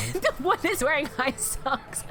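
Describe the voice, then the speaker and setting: Lively rambling young woman streamer. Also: on the high side. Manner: rambling, self-correcting, sweary. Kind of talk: casual chat with viewers.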